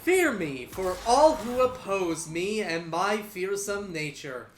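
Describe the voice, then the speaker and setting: A man voicing a big, scary, ogre-like barbarian who shouts demands, in an echoey room. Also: sits high, animated, slow, a little hiss or hum. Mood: boastful.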